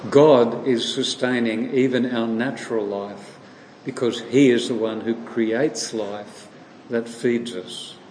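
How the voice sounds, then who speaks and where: Slow-preaching man in an echoey hall. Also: medium pitch, fairly even intonation, a little mellow. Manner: slow, deliberate preaching with rhetorical questions. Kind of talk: sermon. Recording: echoey hall with long reverb, faint noise.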